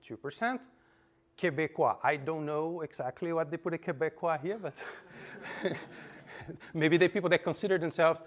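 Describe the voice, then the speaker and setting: A man giving a conference talk, reading figures off slides with frequent fillers and pauses. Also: a little high. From Brazil. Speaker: conference presenter. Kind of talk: lecture with slides. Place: conference room.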